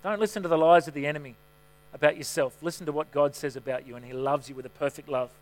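A man's voice: fairly high pitch, steady tone, fast. A middle-aged man, a pastor, preaching a sermon in a conversational way, telling stories that poke fun at himself. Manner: conversational, self-mocking storytelling.

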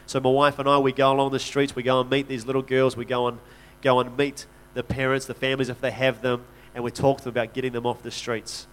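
A man's voice: mid-range voice, completely flat delivery, fast talker, a little hiss or hum. A man speaking as a missionary in a church talk, telling stories earnestly and conversationally, often restarting his sentences. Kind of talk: church talk, personal storytelling.

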